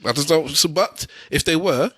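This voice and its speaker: A man's voice: on the high side, normal speed, fairly bright tone, no room sound, clean studio sound. A middle-aged man, arguing insistently on a podcast and hammering home his points. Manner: insistent, lecturing, repeats points. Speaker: podcast co-host. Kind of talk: heated personal argument.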